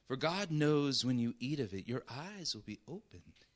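A man voicing a sly male serpent who tells smooth lies in a soft, syrupy, hushed tone. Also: mid-range voice, sing-song, normal speed, lightly acted. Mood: syrupy coaxing.

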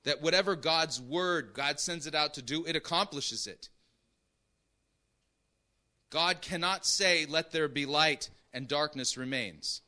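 Male preacher, bright and forceful, deliberate pace, keeps asking "right?". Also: fairly high pitch. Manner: emphatic, keeps checking in with "right?" and "okay?". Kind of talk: sermon.

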